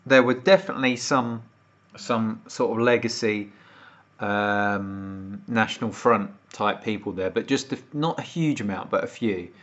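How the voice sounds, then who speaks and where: A man's voice: lowish voice, a little slow, fairly bright tone. A British man from the United Kingdom ranting and swearing on a casual livestream, getting more worked up as he goes. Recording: dull lo-fi stream audio.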